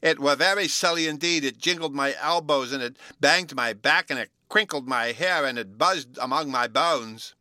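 A man's voice: a little high, moderate pace, hardly any pauses, pushed and bright, dry recording, studio quality, voice pushed up. A man doing a cheeky little storybook boy. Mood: indignant. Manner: indignant, ungrammatical child's talk. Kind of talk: storybook reading.

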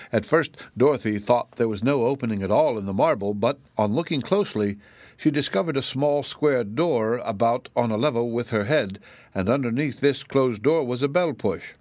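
Guy reading a storybook aloud, steady and measured, mid pitch, dry close sound. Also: no room sound. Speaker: narrator. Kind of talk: storybook narration.

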